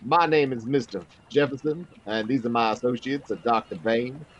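A man playing a tabletop game, talking in character in a polite, halting way with many hesitations. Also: medium pitch, muffled recording, slight background noise. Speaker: player. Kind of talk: tabletop role-play in character.

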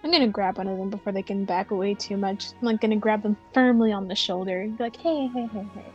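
Player, woman, mid-pitched, calm questioning, faint music under it. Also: fast, lo-fi sound. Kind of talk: tabletop game chat.

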